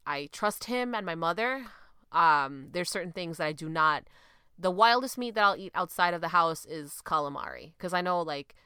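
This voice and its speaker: A woman's voice: fairly low pitch, clear, resonant tone, no echo, clean studio sound. A young woman hosting a podcast, chatting casually and laughing often as she tells food stories. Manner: lively, laughing, mimics her mom's voice. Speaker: podcast host.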